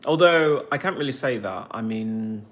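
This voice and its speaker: A man's voice: mid-range voice, lively intonation, normal speed, fairly bright tone. A man with an English accent, born in the United States, chatting casually with his viewers and teasing them with sarcastic asides. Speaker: streamer talking to his viewers. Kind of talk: casual chat, replying to viewers.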